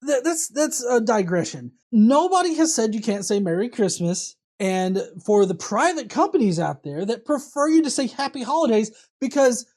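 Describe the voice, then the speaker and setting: A woman's voice: on the high side, darkish tone. Sarcastic woman with a swooping voice. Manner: sarcastic, profane, swooping delivery. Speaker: host. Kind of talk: casual commentary.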